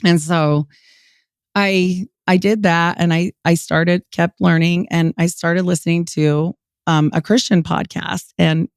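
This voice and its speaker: A woman in her forties from Utah, a podcast guest telling her story in a lively way, acting out what people said and laughing often. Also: on the low side, a little slow, clean tone, no echo, studio quality. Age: 40s. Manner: animated, quotes people in lively voices, many "like" fillers. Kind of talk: storytelling interview.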